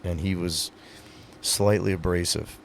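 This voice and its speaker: Low gravelly man telling stories. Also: steady tone, measured pace, a little hiss or hum. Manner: earnest, storytelling, many fillers. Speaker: retiring pro rodeo athlete, guest. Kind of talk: casual podcast conversation.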